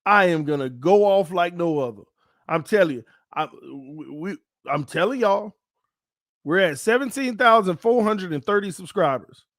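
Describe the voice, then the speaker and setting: A man hosting his own sports fan channel, giving casual commentary to viewers in a playful, excitable way. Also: high voice, moderate pace, no room sound, studio quality. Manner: playful, excitable, swings between calm and shouting.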